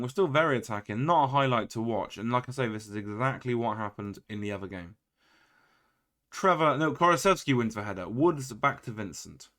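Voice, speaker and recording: A man's voice: medium pitch, fairly bright tone. A man giving casual, wry play-by-play commentary on his own video game, full of exasperated, self-mocking asides.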